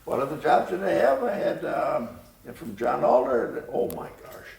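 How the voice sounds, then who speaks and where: Gravelly older man reminiscing. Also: fairly high pitch, big pitch swings, moderate pace, darkish tone. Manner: rambling, chuckling storyteller. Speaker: interviewee. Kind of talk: oral history reminiscing. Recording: roomy room, distant mic.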